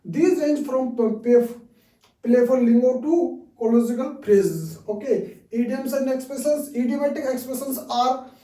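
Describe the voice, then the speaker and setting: Man teaching, halting, distant and roomy. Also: very high voice, warm tone. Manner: halting, frequent restarts and "okay" fillers. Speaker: English teacher. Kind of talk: reading through lesson slides. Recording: roomy echo, distant mic.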